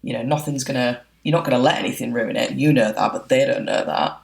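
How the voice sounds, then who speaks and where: Chatty woman with a creaky voice. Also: very deep voice, quick pace, poor audio. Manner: chatty and reflective, frequent "you know" fillers. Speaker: wedding photographer guest. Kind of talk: casual interview chat.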